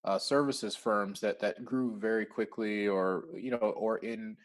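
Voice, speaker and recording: A man talking casually as an interview guest, lively, with lots of fillers and acted-out quotes. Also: lowish voice, unhurried. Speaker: interview guest, recruiting firm founder.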